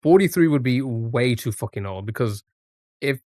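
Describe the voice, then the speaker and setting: A man's voice: mid-range voice, animated, normal speed, a little mellow, no room sound, studio quality. A man streaming a guessing game, thinking aloud in a rambling way full of restarts and fillers. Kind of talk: casual live-stream commentary.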